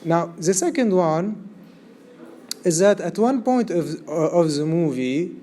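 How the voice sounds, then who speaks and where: Male art lecturer, slightly raised pitch, warm tone, rambling with fillers, classroom check-ins. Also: expressive, takes it slowly, a little hiss or hum. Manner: discursive, many fillers, checks students follow him. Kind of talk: recorded university-style lecture.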